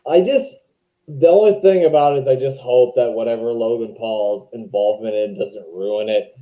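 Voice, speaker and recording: A man's voice: medium pitch, normal speed, mellow, low-quality recording. A man guesting on a podcast, talking casually with sarcastic jokes and stumbling restarts. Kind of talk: casual chat.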